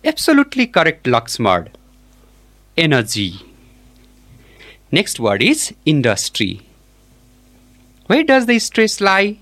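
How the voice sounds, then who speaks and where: A male teacher, giving a classroom pronunciation lesson and modeling each word slowly and deliberately. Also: high-pitched, wildly swooping pitch, a bit bright. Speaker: English teacher.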